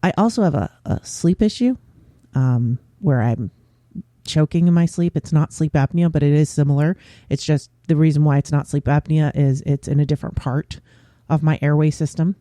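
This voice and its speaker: A man hosting his own podcast, talking openly in a casual, unscripted way with pauses and fillers. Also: on the high side, warm tone, no echo. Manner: candid and open, with frequent pauses and fillers. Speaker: podcast host. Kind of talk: casual solo podcast chat.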